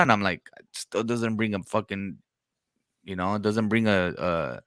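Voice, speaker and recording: A man's voice: low-pitched, moderate pace, fairly bright tone, no room sound. A man hosting a podcast in casual chat, telling stories in slang and swearing, and acting out quotes. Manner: slangy, profane storytelling with acted-out quotes. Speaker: podcast host.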